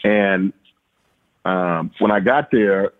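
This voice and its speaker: A man's voice: deep voice, extremely slow. A middle-aged man from Louisiana, a former baseball player, telling stories in a rambling, casual way with many fillers and repeated words. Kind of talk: casual storytelling interview. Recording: tinny phone-like line.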